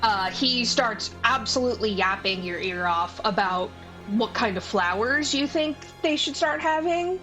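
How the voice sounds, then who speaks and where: A woman runs a tabletop game as game master. She narrates at a slow, unhurried pace and hesitates often. Quiet music plays in the background. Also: a little high, expressive. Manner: slow, hesitant, full of fillers. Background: faint music.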